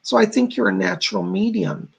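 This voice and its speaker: A man's voice: high voice, fairly quick, creaky, husky, muffled recording. A man hosting a live stream as a psychic medium, reading viewers' comments aloud and passing on spirit messages in an informal way. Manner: informal, repeats "I gotta tell you".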